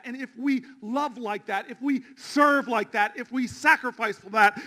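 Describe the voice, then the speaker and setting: A man giving an impassioned rally speech, telling a story and building to shouted refrains. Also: very high-pitched, moderate pace, hardly any pauses. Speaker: politician.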